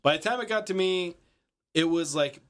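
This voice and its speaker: A man with a somewhat higher voice chats casually on a podcast. He tells a rambling story full of restarts, fillers and swearing. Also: moderate pace. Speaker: podcast co-host. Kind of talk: casual chat.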